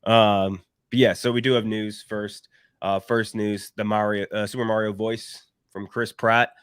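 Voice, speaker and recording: Guy hosting a movie podcast, kinda low, deadpan, very dry sound. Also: measured pace, smooth, dry recording. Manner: deadpan mock ad read, then relaxed opinionated chat. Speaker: podcast co-host. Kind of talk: casual podcast chat.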